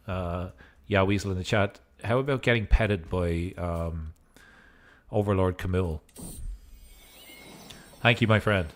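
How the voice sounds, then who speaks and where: A man giving casual gameplay commentary as a streamer, in a goofy mood with joking asides. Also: low voice. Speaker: gaming streamer.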